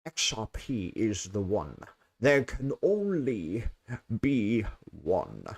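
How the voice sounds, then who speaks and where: Guy doing a deep slow scottish film star voice, older man, rumbly. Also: huge pitch swings, darkish tone, husky, exaggerated voice. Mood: grandiose. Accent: put-on Scottish.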